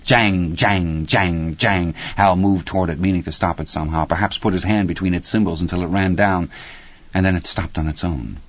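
A man narrating a story in a steady, measured audiobook reading. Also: very deep voice, breathy edge, muffled recording.

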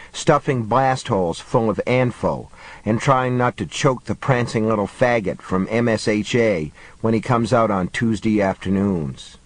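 A man narrating an audiobook in a measured, even reading. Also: lowish voice, no echo, rough recording. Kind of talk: scripted narration.

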